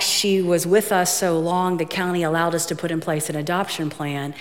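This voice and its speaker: A middle-aged woman preaching a sermon, telling a story and acting out the dialogue in lively fashion. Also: fairly low pitch. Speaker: guest preacher. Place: church auditorium. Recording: long hall reverb, faint music.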